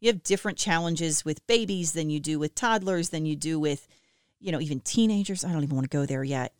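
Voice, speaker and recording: A woman in her thirties chatting casually and self-deprecatingly to listeners about family life, with lively swings in her voice. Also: low voice, brisk, clean tone, no echo, studio quality. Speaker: mom sharing family updates with listeners. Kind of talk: casual chat.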